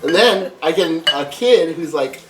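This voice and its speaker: With a fairly high, animated voice and an unhurried delivery, this man tells a lengthy, foul-mouthed story as a podcast guest, performing each person he quotes. The mic is distant, the room is echoey, and loud music plays in the background.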